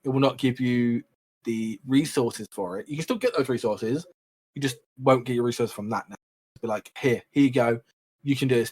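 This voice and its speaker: A man co-hosting a casual gaming podcast, joking around as he reads patch notes aloud. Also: medium pitch. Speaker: podcast co-host.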